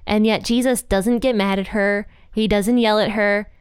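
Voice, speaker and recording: A Bible teacher gives casual commentary on a passage, relaxed and chatty, full of "like" and "you know." Her mid-range voice is smooth and clear at a normal speed, recorded dry and close with no room sound.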